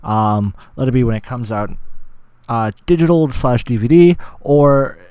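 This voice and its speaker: Young guy rambling on his podcast, all ums and swearing, pretty excited, voice sits right in the middle, dead dry sound. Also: medium pitch, unhurried, smooth, dry recording. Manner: rambling and enthusiastic, with frequent fillers and swearing. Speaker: podcast host. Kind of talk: casual solo podcast chat.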